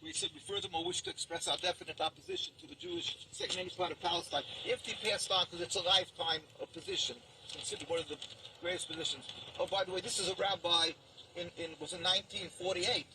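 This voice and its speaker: A man being interviewed at a protest, talking emphatically with halting restarts, recorded outdoors in the street. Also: high-pitched, fairly even intonation, noisy background.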